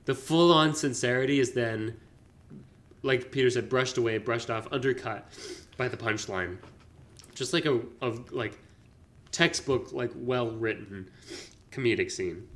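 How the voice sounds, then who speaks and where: Guy on a movie podcast retelling scenes, mid voice, acts out the quotes. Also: medium pitch. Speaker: podcast co-host. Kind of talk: casual film review chat.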